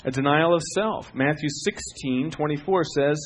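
Husky pastor preaching with big swings. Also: male voice, fairly high pitch, moderate pace. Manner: animated storytelling, swings from hushed to loud. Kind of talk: sermon.

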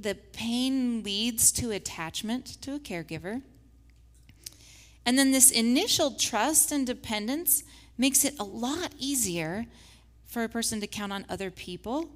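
A woman teaching a faith-based lesson with slides, who acts out the scripture quotes in lively voices. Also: on the high side, in a large hall. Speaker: Bible study teacher.

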